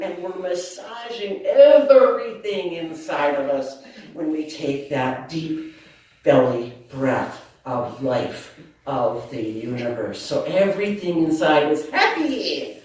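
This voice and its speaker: A woman's voice: low voice, takes it slowly, recorded from a distance. Laughter yoga leader: woman, playful, laughs often, voice carries through a very echoey hall from some way off the mic. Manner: lively and laughing, playful asides. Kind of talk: talk to a group. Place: community hall.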